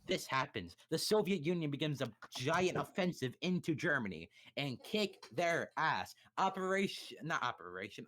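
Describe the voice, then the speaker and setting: A man's voice: fairly high pitch, pushed and bright. A young man casually explaining history on a livestream, swearing and cracking crude jokes. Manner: crude, joking, profane.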